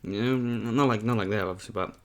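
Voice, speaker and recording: A man's voice: on the low side, quick pace, fairly bright tone, slight background noise. Rambling young man eating on camera. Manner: rambling and candid, says "man" a lot. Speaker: mukbang vlogger. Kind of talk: casual talk to camera while eating.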